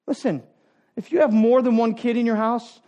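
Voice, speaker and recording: A man preaching a sermon who speaks as a parent and coach, repeating phrases for emphasis and swinging between loud emphatic stretches and soft low asides. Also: fairly even intonation, normal speed. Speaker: pastor.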